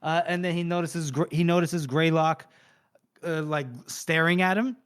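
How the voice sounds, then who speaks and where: A man's voice: on the high side, steady tone, smooth. Man retelling a story with quoted voices. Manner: acts out characters' lines in quick quoted voices. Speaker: podcast co-host. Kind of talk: casual book podcast chat, retelling scenes.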